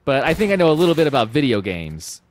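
A man's voice: mid-range voice, very animated, fast talker, a little hiss or hum. A man in a casual gaming chat, complaining in mock indignation and stumbling over his words.

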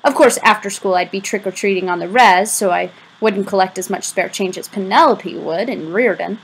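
A woman reading a novel aloud as an audiobook, giving the first-person narration a lively, expressive delivery. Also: mid-range voice, moderate pace, slight background noise, low-quality recording. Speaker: audiobook reader.

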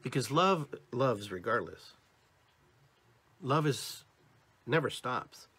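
Guy hosting a spiritual podcast, husky voice, really lively up-and-down delivery, keeps repeating himself for emphasis. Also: mid-range voice, slow pace. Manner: emphatic and repetitive, addresses listeners directly; acts out different tones of voice as examples. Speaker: podcast host. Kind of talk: motivational spiritual talk.

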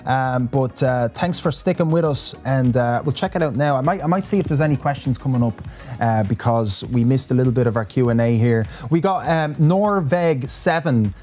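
A man's voice: medium pitch, animated, moderate pace, darkish tone, soft background music. A man hosting a live interview, rambling and jokey. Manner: rambling, jokey, many fillers. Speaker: host. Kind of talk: casual live-stream interview chat.

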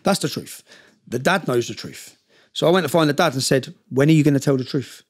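A man telling a story as a guest on a podcast, rattling through it at a quick clip. His voice sits a little high for a man, and he drives each point home with emphatic tag questions. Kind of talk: storytelling in a casual interview.

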